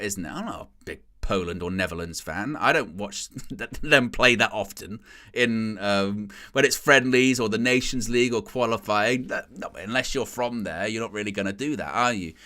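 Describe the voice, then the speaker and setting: A man chatting casually and rambling excitedly about football on a fan channel's live stream, laughing often. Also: lowish voice. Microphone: headset.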